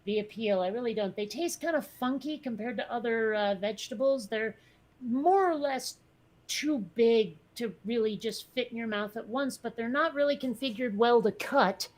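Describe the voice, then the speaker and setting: A woman's voice: on the high side, normal speed. A woman co-hosting a podcast in casual chat, blunt and wry, rambling through her thoughts. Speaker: podcast co-host.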